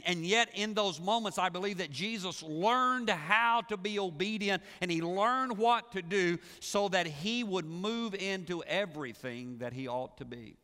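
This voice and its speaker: Male pastor, fairly high voice, talky sermon full of restarts and questions. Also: pushed and bright, big-room sound. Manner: conversational preaching with frequent restarts and rhetorical questions.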